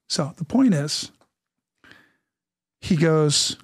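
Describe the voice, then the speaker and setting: A middle-aged man telling a story as an interview guest, animated and acting out the voices of the people in it. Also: on the high side, moderate pace. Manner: animated, acts out quoted dialogue.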